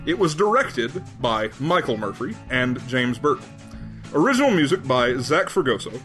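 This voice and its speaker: A man's voice: mid-range voice, sing-song, moderate pace, fairly bright tone, soft background music. Theatrical man reading credits. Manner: theatrical, over-articulated. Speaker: podcast host. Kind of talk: mock-formal credits reading.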